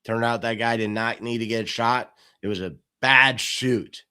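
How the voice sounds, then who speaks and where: A man's voice: mid-range voice, unhurried, clean tone. A man hosting a casual podcast discussion, telling stories animatedly and acting out quoted lines. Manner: animated storytelling, acts out quotes. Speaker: podcast host.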